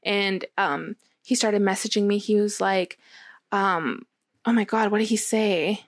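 A young woman casually telling a long personal story, acting out what was said with lively quoting. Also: mid-range voice, a little slow, dry recording, clean studio sound. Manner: animated storytelling, acts out quotes. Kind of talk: casual chat.

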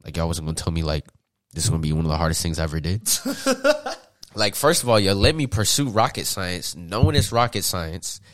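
Low-voiced young guy from atlanta on a podcast, casual slangy stories, laughs a lot, dry mic. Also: fairly quick, no echo. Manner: animated, slangy, laughs often. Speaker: podcast guest. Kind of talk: casual storytelling.

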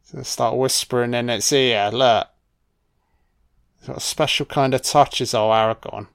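A man's voice: medium pitch, steady tone, normal speed, creaky, smooth. A man giving a casual, jokey, sweary film commentary. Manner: laid-back, sweary, jokey.

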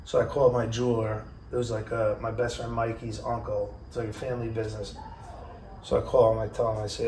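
A man's voice: fairly low pitch, quick pace. A man, telling a long story on a podcast in a loose, profane way and acting out other people's lines. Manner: profane, animated storyteller who acts out quotes. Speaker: podcast host. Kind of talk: casual storytelling. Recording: roomy, distant mic with faint noise.

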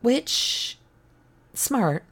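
A podcast co-host in casual chat, chatty and quick to laugh. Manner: chatty, animated, laughs often.

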